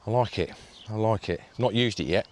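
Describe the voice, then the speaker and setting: Brisk and lowish-voiced, this angling vlogger demonstrates his gear by setting up a fishing shelter outdoors in his garden. He talks casually to camera through each step, holding the handheld video camera one-handed.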